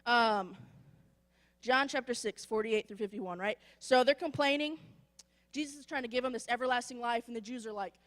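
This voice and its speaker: A woman with a fairly high voice preaches a sermon in a church, and long reverb trails off her words through the hall. She talks to the congregation casually and slips into little acted-out excuses as she goes. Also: moderate pace, fairly bright tone. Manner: conversational, acts out quoted excuses. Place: church sanctuary.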